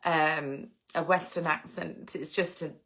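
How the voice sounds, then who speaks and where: A woman's voice: low voice, fairly even intonation, unhurried, a bit bright. A woman in her late thirties from England, chatting reflectively on a live stream and answering viewers' comments. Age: 30s. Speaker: vlogger reading live chat. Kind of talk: casual live-stream chat. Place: home in the English countryside.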